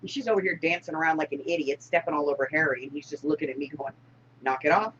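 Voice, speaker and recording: A woman hosting a casual live-stream chat, laughing loudly and often. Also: low-pitched, racing, lo-fi sound, slight background noise. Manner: loud laughing, animated. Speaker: host.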